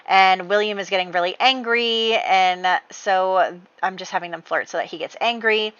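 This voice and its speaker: Chatty bright-voiced woman gamer. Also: mid-range voice, normal speed, clear, resonant tone, dry recording, lo-fi sound. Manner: chatty, heavy on fillers like "you know" and "like". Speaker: let's play host. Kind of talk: casual gameplay storytelling.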